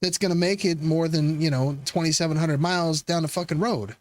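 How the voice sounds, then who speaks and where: A man's voice: a little high, steady tone, brisk, a little mellow. A man hosting a commentary show, reacting to political clips in a profane, sarcastic, rambling rant full of restarts.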